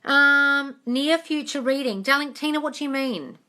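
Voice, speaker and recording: Woman, bright and forceful tone, casual livestream chat, frank, swears, says darling a lot. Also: high-pitched, normal speed, soft background music. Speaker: manifestation coach answering live questions.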